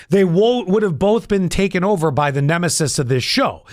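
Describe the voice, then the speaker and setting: A man's voice: animated, moderate pace, darkish tone, no room sound, studio quality. A middle-aged man co-hosting a podcast in casual chat, rambling and candid, full of restarts. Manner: candid, rambling storyteller with restarts and sudden pitch jumps. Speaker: podcast co-host.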